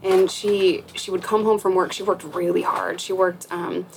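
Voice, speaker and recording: A woman's voice: lowish voice, flat delivery, normal speed, vocal fry, slight background noise, rough recording. A young woman guest in a casual interview, talking frankly and profanely, with a self-mocking laugh. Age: young adult. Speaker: podcast guest.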